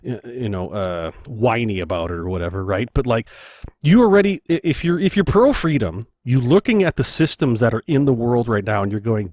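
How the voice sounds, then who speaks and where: A man's voice: mid-range voice, animated, brisk, darkish tone, no room sound. Young male co-host from Canada, curious and probing, recorded dry. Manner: probing, questioning, filler-heavy. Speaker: podcast co-host. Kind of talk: casual chat.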